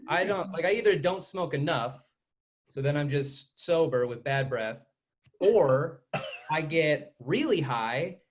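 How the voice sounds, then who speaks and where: A man's voice: on the high side, animated, slow pace. A man doing a rambling stand-up set over a video call, laughing at his own jokes. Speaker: stand-up comic.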